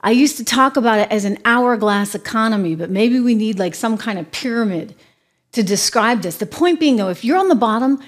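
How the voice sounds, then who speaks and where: A woman's voice: on the high side, expressive, a little fast. A woman hosting a political commentary show, emphatic and sarcastic, speaking straight to her audience. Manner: emphatic, sarcastic asides, addresses the audience directly.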